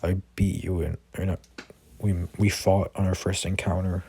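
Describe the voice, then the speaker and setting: A man voicing a quiet, guarded young male vigilante in a fan-made spoken story, reading the quoted lines plainly. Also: sits low, flat delivery, normal speed, gravelly, breathy edge, exaggerated voice.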